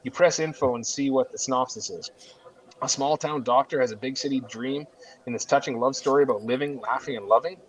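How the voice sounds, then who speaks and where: A man's voice: mid-range voice, a little fast, rough recording. A man hosting a podcast, reading a script aloud and chatting casually, with laid-back, freely swearing talk. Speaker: podcast host.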